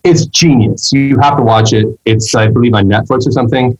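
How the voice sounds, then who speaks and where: A man's voice: mid-range voice, fairly even intonation, a little fast, darkish tone, highs cut off. A man hosting a casual interview, enthusiastic and rambling, with slangy talk. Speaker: interview host.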